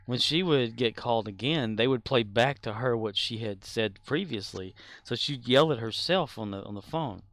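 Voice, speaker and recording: This talkative gamer rambles through a casual stream chat, laughing a lot along the way. He has a medium-pitched, fairly bright voice, keeps a moderate pace with hardly any pauses, and the sound has no echo.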